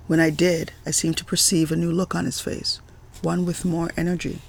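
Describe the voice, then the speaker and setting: A man reading a novel aloud in an amateur audiobook, with occasional stumbles and restarts. His voice is gravelly and husky, pitched somewhat high for a man. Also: flat delivery, fairly quick. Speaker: audiobook reader.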